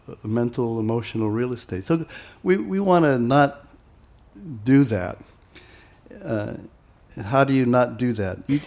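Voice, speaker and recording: A man of medium pitch, teaching as a monastic, talks informally about spiritual matters to a group of devotees. His delivery is easygoing and full of pauses, with quoted conversations played out in character.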